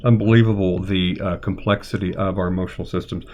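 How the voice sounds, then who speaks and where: A middle-aged man with a lowish voice talks through a live-streamed lesson as a therapist. He rambles gently, thinking aloud and filling pauses with ums and uhs. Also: steady tone, highs cut off, slight background noise. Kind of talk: unscripted live-stream lecture.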